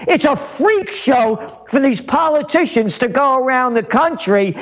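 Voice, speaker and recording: A man's voice: very high-pitched, lively intonation, measured pace, fairly bright tone. A man giving heated political commentary, emphatic and repetitive, firing off rhetorical questions. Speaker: guest commentator.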